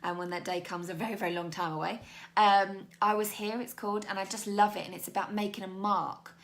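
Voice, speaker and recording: A woman's voice: medium pitch, steady tone, fairly quick. A young British woman, a life coach, talking candidly and chattily to her viewers in a motivational video. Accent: British English. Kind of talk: motivational talk to camera.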